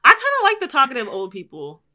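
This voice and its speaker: A woman's voice: sits high, wildly swooping pitch, quick pace, sharp tone. A woman in casual chat, animatedly telling stories and acting out exchanges, swearing freely.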